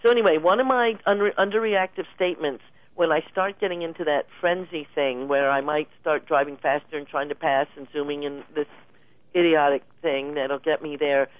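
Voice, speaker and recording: A woman guest telling stories in a casual interview, lively and laughing often. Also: low-pitched, brisk, dry recording. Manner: animated storyteller, laughs often. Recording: tinny phone line, dry.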